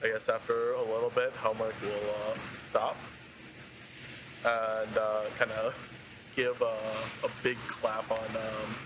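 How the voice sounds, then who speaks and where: Hesitant, slow-talking man playing a tabletop game. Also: fairly low pitch, level tone, background noise. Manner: hesitant, full of fillers. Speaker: player. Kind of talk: describing his character's actions.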